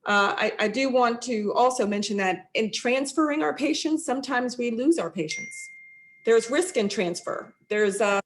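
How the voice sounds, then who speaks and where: A woman council member hosting an online community event, speaking haltingly with many fillers and restarts. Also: on the high side, animated, slight background noise. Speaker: host, local council member.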